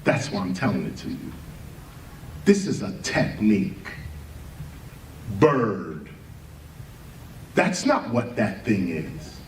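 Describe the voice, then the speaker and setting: A man's voice: on the low side, slow pace, long pauses, recorded from a distance, a little hiss or hum. A man giving an impassioned spoken lecture on a live stream, firing rhetorical questions, spelling words out letter by letter and often laughing as he talks. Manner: animated, often breaks into laughter mid-sentence. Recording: echoey room, voice set back from the mic.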